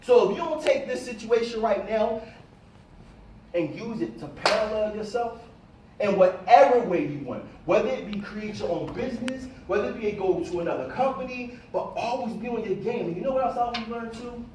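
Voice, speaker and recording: A middle-aged man giving an animated motivational talk to a live audience and calling on them to answer. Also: sits high, moderate pace, a little hiss or hum. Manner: animated, calls on the audience for responses. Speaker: motivational speaker. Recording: echoey room, voice from a distance.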